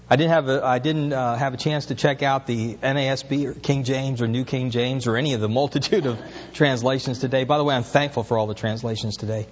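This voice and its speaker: A man's voice: medium pitch, fairly even intonation, a little fast, long reverb tail, lo-fi sound. A pastor preaching an earnest sermon, his voice rising as he asks questions.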